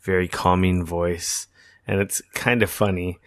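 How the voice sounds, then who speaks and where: Male podcast host with a lowish, dry voice who chats loosely and swears a lot. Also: flat delivery, measured pace, a bit bright, no room sound. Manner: rambling, swears freely. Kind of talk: casual chat.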